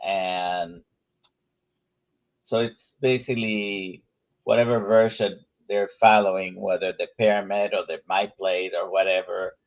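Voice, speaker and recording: Male host, slow and halting with pauses, lowish voice, dull muffled recording. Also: fairly even intonation. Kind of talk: casual interview chat.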